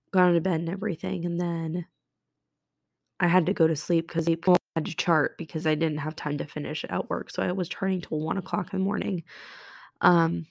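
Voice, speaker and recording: Podcast host, woman, nurse; low voice with vocal fry, emotional and halting, dry close sound. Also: a little mellow, no echo. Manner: emotional, halting, many restarts and fillers. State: close to tears. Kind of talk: personal confessional podcast monologue.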